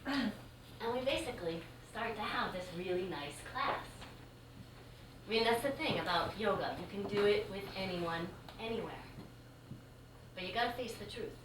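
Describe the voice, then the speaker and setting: A woman yoga teacher performing a live storytelling monologue, animated and conversational, full of casual fillers. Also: medium pitch. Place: stage before a laughing audience. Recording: echoey, distant live stage recording with noise.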